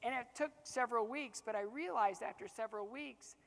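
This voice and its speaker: Animated man telling stories in a hall. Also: very high-pitched, a little fast, vocal fry. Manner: animated, acts out dialogue, laughs often. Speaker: motivational speaker. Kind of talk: keynote storytelling to a live audience.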